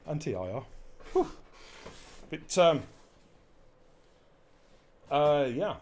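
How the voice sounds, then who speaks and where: A man's voice: on the high side, extremely slow, a little hiss or hum. A man hosting a live esports racing stream, joking, swearing and bantering while commentating. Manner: jokey, swears freely, energetic.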